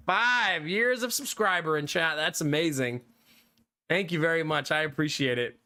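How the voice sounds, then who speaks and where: A man's voice: a little high, unhurried, long pauses, bright, forceful tone. A man in his thirties streaming a game and chatting casually with viewers, laughing often and swearing freely. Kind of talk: casual chat reading live chat.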